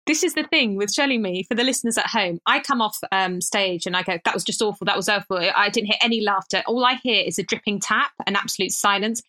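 Bright-voiced chatty woman co-host. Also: mid-range voice. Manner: chatty, animated storyteller with quick restarts. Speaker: podcast co-host. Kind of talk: casual chat.

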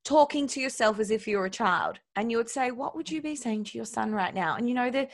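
A woman's voice: on the high side, animated, fast. A woman in her thirties hosting a casual podcast, speaking reflectively about her own experience and asking open questions. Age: 30s. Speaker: podcast host.

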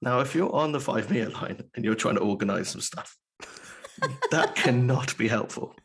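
A man's voice: mid-range voice, animated, moderate pace, vocal fry, husky. A man co-hosting a casual rugby podcast, dry and exasperated in his remarks. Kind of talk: casual chat.

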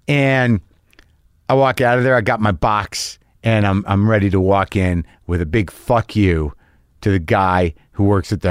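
A man's voice: low-pitched, dry recording, clean studio sound. A middle-aged man hosting a podcast, telling a comic story in a rambling, self-mocking way with sudden exasperated, profane outbursts. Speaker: podcast host.

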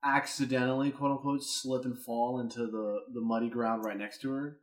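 A man's voice: medium pitch, little pitch movement, normal speed, echoey room. A man playing in a tabletop game, describing his character's actions in a rambling way with lots of fillers. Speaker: player. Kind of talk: casual tabletop play.

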